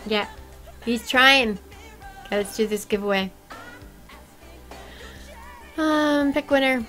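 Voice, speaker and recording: A woman chats to her viewers as she plays a game on a livestream, chatty and quick to get excited. Her voice sits a little high and sounds bright and forceful. Game music plays faintly behind her. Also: low-quality recording. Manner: chatty and excitable, talking to her chat while playing. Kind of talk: casual gaming livestream chat.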